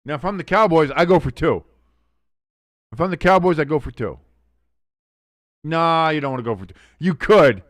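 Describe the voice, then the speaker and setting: Man, streamer host: rowdy, cursing play-by-play with sudden shouts and low asides, dry close-mic sound. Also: moderate pace, pauses often, no room sound. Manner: excitable, profane, swings from yelling to muttering asides. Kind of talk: live game watch-along commentary.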